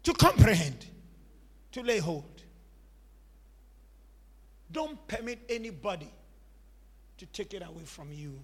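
A man's voice: high voice, very animated, takes it slowly, pauses often, husky, in a large hall. A man preaching a sermon, emphatic and repetitive, calling on the congregation to repeat after him.

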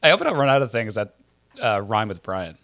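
A man co-hosting a casual podcast chat, joking and quick to laugh. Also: lowish voice, sing-song, fairly bright tone. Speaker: podcast co-host.

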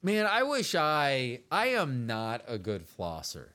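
A man's voice: mid-range voice, wildly swooping pitch, slow, sharp tone. A man co-hosting a podcast, chatting casually with his partner in a rambling, joking, self-deprecating way. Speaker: podcast co-host.

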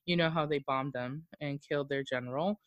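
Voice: medium pitch, brisk, dry recording, lo-fi sound. Podcast host, casual chat, rambling, filler-heavy, dry recording. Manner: rambling and animated, many "like" fillers; laughs often.

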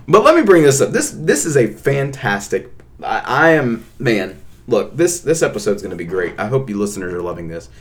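A young man co-hosting a casual podcast with his partner, ranting playfully and getting loudly worked up. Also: mid-range voice, brisk. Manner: playful ranting, animated outbursts. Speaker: podcast co-host. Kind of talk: casual chat.

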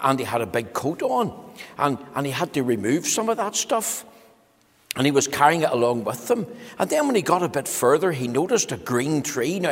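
A husky-voiced male storyteller reads a children's story aloud, his pitch swinging widely as he plays to the young listeners. His voice carries a long hall reverb. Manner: animated, playful, addresses children directly.

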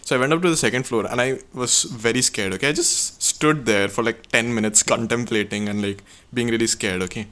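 A man's voice: medium pitch, brisk, hardly any pauses, fairly bright tone. A young man from India, a podcast co-host, telling a story in casual chat and tagging sentences with "okay?". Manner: rambling, tags sentences with "okay?".

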